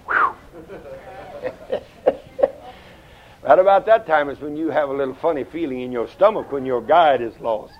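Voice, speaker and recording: An older man preaching a sermon, folksy and storytelling, swinging between loud outbursts and hushed asides. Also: medium pitch, sing-song, moderate pace, long pauses. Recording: dull lo-fi sound.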